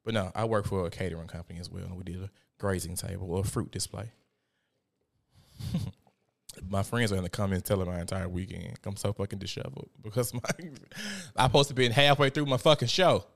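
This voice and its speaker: A man's voice: low-pitched, fairly even intonation, quick pace, gravelly. A young man hosting a live show, chatting casually and animatedly with lots of swearing. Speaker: show host. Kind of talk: casual live-stream commentary.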